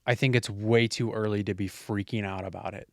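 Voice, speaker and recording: Animated young man, opinionated podcast co-host. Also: fairly low pitch, a little fast, dry recording, studio quality. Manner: animated, opinionated, frequent swearing and fillers. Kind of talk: casual chat.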